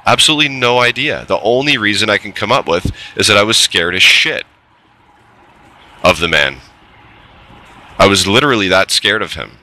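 A middle-aged man with a very deep yet strikingly bright voice tells a story in a casual monologue. He speaks candidly and plainly, with the odd swear word. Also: expressive, moderate pace, long pauses, poor audio. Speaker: trades technician telling his story.

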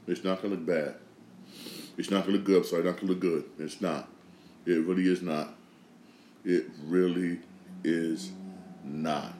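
Emphatic low-voiced man, echoey room. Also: a little mellow. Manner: emphatic, repeats phrases, frequent restarts. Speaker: podcast host. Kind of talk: opinionated sports and news commentary.

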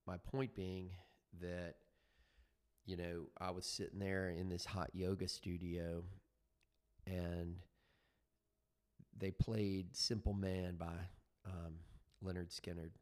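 A man in his fifties with a deep, low voice tells his own recovery story into a headset mic. He talks in a halting, reflective way, full of ums and restarts as he searches for words. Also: little pitch movement, a little mellow, clear, resonant tone. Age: 50s.

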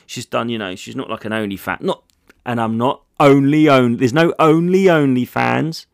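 A man's voice: mid-range voice, normal speed, creaky, clear, resonant tone, dry recording, studio quality. A man, a comedian hosting a casual solo podcast, rambling through jokey stories with plenty of swearing.

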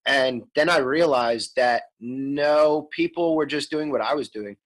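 A man in his thirties, a guest on an interview, tells his story candidly and conversationally, often saying um and restarting sentences. His voice is medium in pitch with a measured pace, captured on a rough recording.

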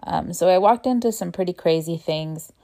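A woman's voice: lowish voice, normal speed, warm tone. A woman who works as a real estate agent, telling stories in a casual, earnest vlog and acting out the people she quotes.

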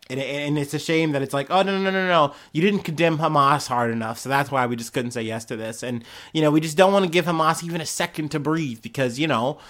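A man's voice: mid-range voice, fairly bright tone. A man hosting a news podcast, ranting casually and sarcastically with lots of swearing and mocking put-on voices. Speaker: podcast host.

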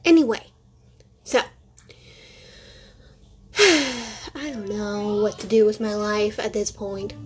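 A woman's voice: medium pitch, slow, long pauses, husky. A teenage girl hosting a casual solo podcast from home, rambling, correcting herself and making sarcastic asides. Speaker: podcast host.

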